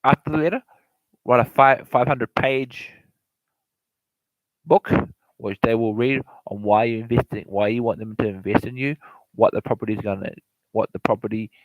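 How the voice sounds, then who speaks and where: Through phone-quality audio with no room sound, a mid-range male voice offers real-estate investment tips at normal speed. His talk wanders and repeats, he frequently corrects himself, and he speaks directly to whoever is listening.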